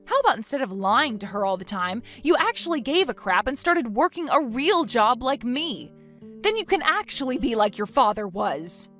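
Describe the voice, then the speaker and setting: A woman's voice: on the high side, big pitch swings, normal speed, soft background music. A woman voicing a fed-up young wife who works from home, snapping back in exasperation, in a text-story dramatization. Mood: exasperated. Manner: exasperated, angry, sharp retorts.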